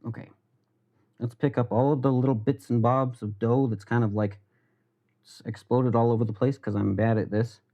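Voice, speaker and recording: A young American man from the United States, with an American accent and a steady mid-range voice, livestreams while cooking in his home kitchen at a moderate pace. His chat is rambling and self-deprecating, with casual swearing. He uses headphones with a mic, and the recording sounds muffled.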